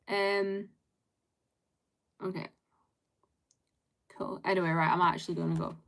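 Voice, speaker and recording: A young woman chats casually to her live stream audience in a loose, rambling way. She fills her sentences with fillers and small laughs, and her voice sits at an ordinary middle pitch for a woman. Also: level tone, moderate pace, pauses often. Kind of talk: casual chat with live viewers.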